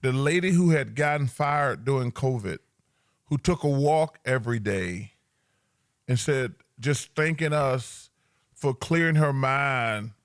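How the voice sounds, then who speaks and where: A middle-aged man in loose podcast banter, rambling through stories with bursts of big laughter. His pitch sits in a mid range, and the room sounds dry and close. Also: slow, no echo. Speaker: podcast co-host.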